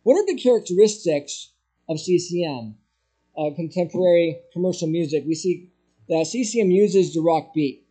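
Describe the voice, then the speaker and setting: High voiced guy, pastor teaching a class, restarts a lot, mellow tone. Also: lively intonation, moderate pace, slightly rough. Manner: explanatory, with restarts and spoken emphasis. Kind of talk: church lecture on music.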